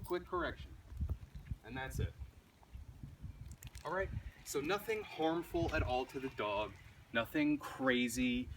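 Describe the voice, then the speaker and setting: Matter-of-fact male dog trainer outdoors. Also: mid-range voice. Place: outdoors on a street walk. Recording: distant outdoor camera audio, traffic noise. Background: passing vehicles and street ambience.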